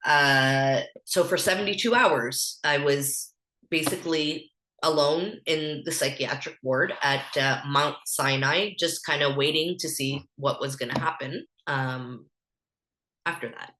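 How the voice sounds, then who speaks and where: A woman's voice: sits low, measured pace, pushed and bright. A woman in her thirties with a Canadian accent, a podcast guest telling a personal story candidly, with lots of fillers. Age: 30s. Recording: echoey room.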